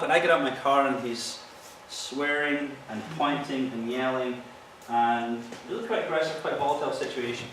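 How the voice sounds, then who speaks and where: A man's voice: mid-range voice, a bit bright. A man, a police officer, gives an earnest, explanatory training talk in a plain mid-range voice. He sounds set back from the microphone, and a big echo fills the room around him. A faint hiss sits underneath. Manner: earnest, explanatory, tells field stories. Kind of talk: presentation to an audience. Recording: echoey hall, mic from far off.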